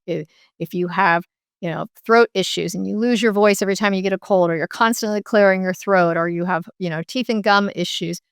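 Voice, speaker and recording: A woman's voice: on the low side, creaky, clean tone, dry recording, studio quality. A middle-aged woman, a medical intuitive and author, explaining her work at length as an interview guest, with frequent "you know" asides. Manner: explanatory, many fillers and restarts.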